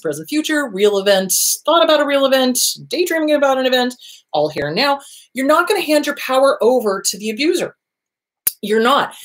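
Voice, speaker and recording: A middle-aged woman therapist hosting an advice talk, speaking casually and animatedly, acting out little voices and gasps to make her points. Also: mid-range voice. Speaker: therapist and show host.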